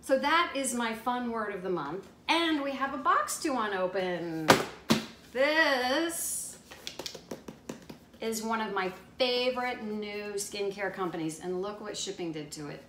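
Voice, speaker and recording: A middle-aged woman chats with her viewers in a slow, unhurried, enthusiastic way. Her voice sits at an ordinary middle pitch. It is recorded in an echoey home kitchen with a faint hiss behind her. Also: animated. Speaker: lifestyle vlogger. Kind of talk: casual chat to viewers.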